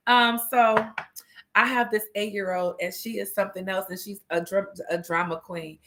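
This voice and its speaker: A woman's voice: medium pitch, fairly even intonation, moderate pace, a bit bright. Woman, livestream host, casual chat, chatty, laughs a lot. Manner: chatty, laughs often, greets viewers by name.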